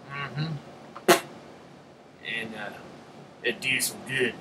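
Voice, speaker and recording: A man's voice: medium pitch, steady tone, drawn-out words, long pauses, background noise. A man hosting a casual live stream, rambling and joking as he answers chat.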